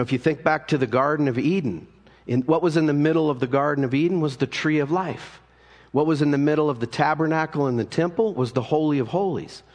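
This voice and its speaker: A man preaching a conversational sermon as pastor, often restarting his words. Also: fairly high pitch. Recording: long reverb of a hall.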